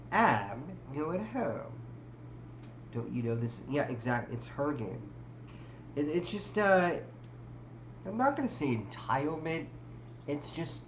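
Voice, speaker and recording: A woman hosting a casual livestream, rambling with restarts and talking to her chat. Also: deep voice. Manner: rambling, many restarts and fillers, talks to chat. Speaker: livestream host. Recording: roomy with faint background hum.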